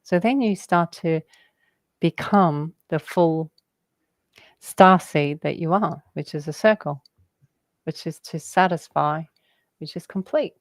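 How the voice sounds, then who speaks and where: A woman's voice: sits low, slow pace, pauses often, no room sound. A woman talking casually about spirituality, rambling and laughing often as she jumps between word associations. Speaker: guest.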